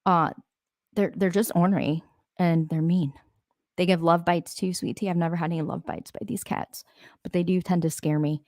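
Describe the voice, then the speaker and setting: A woman's voice: on the low side, steady tone, moderate pace, a little mellow, dry recording, studio quality. A middle-aged woman, casually chatting and reading viewer comments, blunt and swearing freely. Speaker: livestream host.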